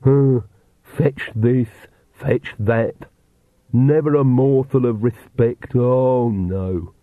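A man voicing a resentful old male servant, muttering slowly to himself. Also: medium pitch, no room sound. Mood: grumbling. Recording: tinny phone-like dry sound.

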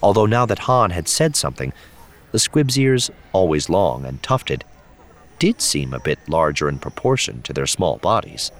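A man narrating an audiobook in a measured, expressive way. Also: sits low. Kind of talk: scripted narration.

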